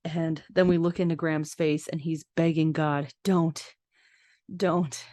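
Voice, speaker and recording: A woman's voice: low voice, flat delivery, normal speed, warm tone, no echo, studio quality. A woman hosting a casual podcast, narrating film scenes in detail with chatty asides. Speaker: podcast host.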